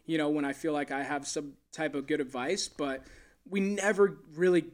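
A man's voice: on the high side, steady tone, normal speed. A man, a golf caddie, chatting casually in an interview and telling stories with plenty of fillers. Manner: easygoing storyteller, many fillers.

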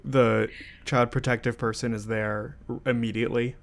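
A man's voice: medium pitch, little pitch movement, normal speed. Enthusiastic male podcast co-host. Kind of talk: casual chat.

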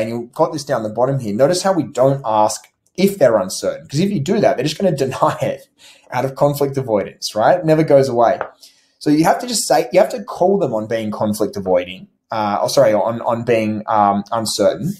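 A man's voice: medium pitch, darkish tone. A man teaching a sales training presentation in a conversational way, with frequent fillers and restarts. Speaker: sales coach.

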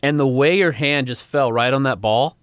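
Male podcast co-host, mid-pitched, eager with the specs, close dry recording. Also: moderate pace, fairly bright tone, no room sound. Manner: enthusiastic about technical specs, recites numbers. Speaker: co-host and automotive journalist. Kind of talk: casual chat.

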